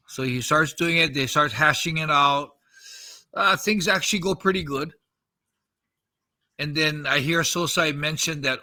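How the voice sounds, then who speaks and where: A man's voice: a little high, normal speed, sharp tone. A man in his fifties on a podcast, casually recounting a story, acting out the quoted dialogue and swearing freely.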